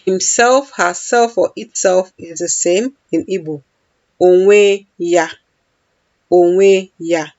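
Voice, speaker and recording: A woman's voice: fairly low pitch, slow pace, a little mellow, no room sound, lo-fi sound. A woman teaching a language lesson, patiently repeating each phrase for practice.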